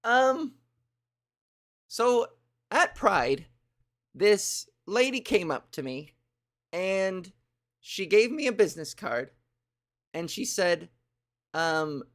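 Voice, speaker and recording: A woman's voice: mid-range voice, animated, takes it slowly, pauses often. A woman hosting a comedy livestream, chatting casually with viewers in a rambling, crude, playful way. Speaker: comedy streamer host.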